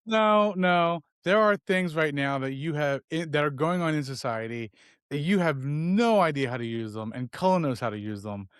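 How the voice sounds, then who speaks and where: A middle-aged man co-hosting a casual podcast, telling a story with lively acted-out voices. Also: on the high side, moderate pace, clean tone, dry recording, studio quality. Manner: animated storyteller, acts out his kids' voices. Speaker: podcast co-host.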